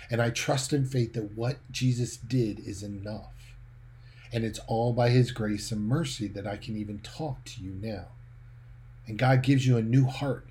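A middle-aged man, a former pastor, giving a sermon-like teaching talk. He is animated, swinging between loud emphasis and quiet asides, and at times talks fast. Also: mid-range voice.

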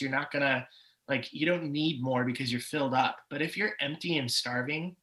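A man's voice: mid-range voice, pushed and bright, rough recording. A man in his forties, a podcast guest, telling his personal story with candor and swings of emotion. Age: 40s. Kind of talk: personal testimony in an interview.

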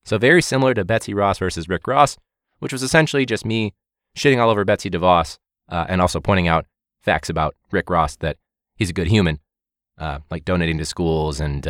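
A man's voice: sits low, fairly bright tone, no room sound, clean studio sound. A man, a teacher, hosting a casual comedic monologue, rambling and joking and swearing often. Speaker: teacher and podcast host.

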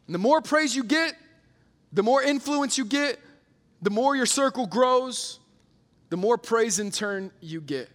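A young man delivers a sermon with a fairly high voice and an earnest, storytelling manner, often restarting his sentences. His voice rings out with the long reverb of a large hall. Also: expressive, a little slow, fairly bright tone. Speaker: preacher.

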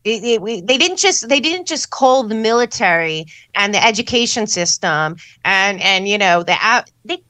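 A woman's voice: mid-range voice, fairly bright tone, dry recording. A woman hosting a panel podcast, talking urgently with many restarts. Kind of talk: casual panel chat.

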